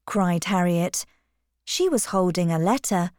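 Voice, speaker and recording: A woman narrating a chapter of a novel in slow, clear scripted narration. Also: fairly low pitch, dry recording, clean studio sound.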